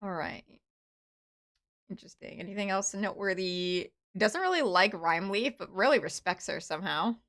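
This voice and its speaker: A woman chatting her way through a game on a live stream, her voice sitting at an ordinary middle pitch. She rambles and restarts her sentences, trails off into muttered asides, then jumps up into excited exclamations. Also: normal speed. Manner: rambling, with many fillers and restarts. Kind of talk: casual live-stream chatter while playing.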